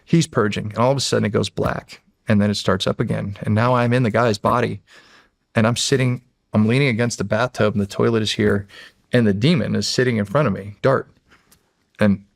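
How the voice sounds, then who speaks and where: As a guest on a podcast, a former Navy SEAL from the United States, middle-aged, relates stories in a relaxed, lively way, performing the different voices. He talks fairly quickly in a lowish voice with vocal fry, recorded dry and at studio quality.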